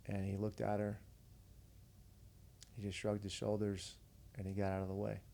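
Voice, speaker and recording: Veteran podcast guest, man, deep and flat, warm gravel, easygoing storyteller. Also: moderate pace. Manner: earnest, conversational, retells dialogue. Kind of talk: casual storytelling.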